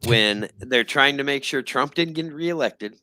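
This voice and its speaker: A man's voice: mid-range voice, unhurried, bright, forceful tone, dry recording. A man co-hosting a podcast, telling stories in casual conversation. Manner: storytelling, conversational. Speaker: podcast co-host. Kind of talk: casual chat.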